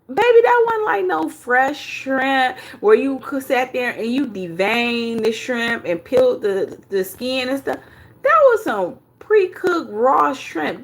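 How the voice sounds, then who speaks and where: A woman hosts a casual livestream, telling a story in a loose, profane way. Her voice sits high and swings up and down all the time. She stops now and then to thank her viewers. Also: vocal fry. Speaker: commentary host. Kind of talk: livestream commentary.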